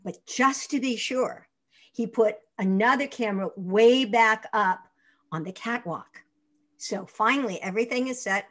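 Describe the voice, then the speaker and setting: An older actress, a guest in an interview, telling stories in a lively way, laughing often and acting out the lines of people in them. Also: female voice, fairly high pitch, measured pace. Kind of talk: anecdotal interview storytelling.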